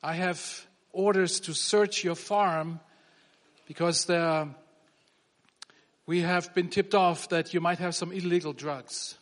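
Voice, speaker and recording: A man's voice: high voice, fairly even intonation, takes it slowly. A man doing a bossy police officer in a hall. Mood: stern. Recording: long reverb of a hall.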